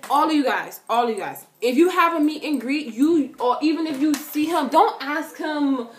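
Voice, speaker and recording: A young woman vlogger answering fan questions in casual, animated talk, full of slang and repeated words, dropping to a soft hush for emotional moments. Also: high voice, normal speed, a little hiss or hum. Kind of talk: casual chat to camera. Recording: echoey room, faint music behind.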